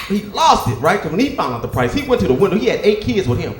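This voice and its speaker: A male stand-up comedian with a high voice, telling animated stories on a club stage. He swings wildly up and down as he talks and bursts into loud shouts when he acts out the people in his bits. The sound carries the echo of the room. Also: fast, faint music behind. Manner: animated storytelling, acts out characters with loud outbursts. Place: comedy club stage before a live audience.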